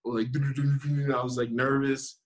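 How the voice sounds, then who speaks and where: A man in his thirties, a guest actor telling a lively story in a casual interview, acting out what people said and laughing often. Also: medium pitch, takes it slowly, low-quality recording. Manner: animated storyteller, acts out quotes, laughs often.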